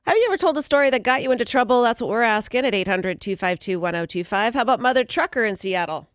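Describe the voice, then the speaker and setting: A woman co-hosting a morning radio show, chatting in an upbeat, brisk way. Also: on the high side, animated, dry recording, studio quality. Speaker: radio co-host. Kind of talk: casual morning radio chat.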